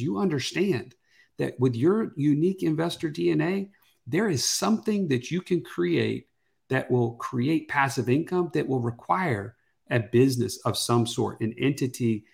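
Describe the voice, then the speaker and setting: A man's voice: medium pitch, creaky. A man co-hosting a podcast in an upbeat, conversational way. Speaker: podcast co-host. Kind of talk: podcast promo and chat.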